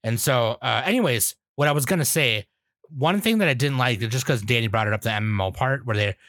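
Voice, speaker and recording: A man's voice: mid-range voice, animated, a little fast, fairly bright tone, dry recording. A man co-hosting a podcast, rambling casually and laughing often. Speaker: podcast co-host. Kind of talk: casual chat. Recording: dry.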